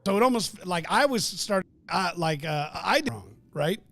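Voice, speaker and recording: A man co-hosting a leadership talk, speaking in a halting, reflective way as he works through his thoughts. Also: sits high, lively intonation, creaky, a bit bright. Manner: halting and reflective, with many restarts. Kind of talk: casual conversation.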